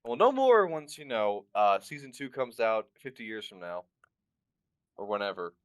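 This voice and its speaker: A man's voice: fairly low pitch, clear, resonant tone, no echo. A young man co-hosting a podcast who talks animatedly, stumbling and restarting his sentences. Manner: animated, halting, many restarts. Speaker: podcast co-host. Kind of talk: casual podcast chat.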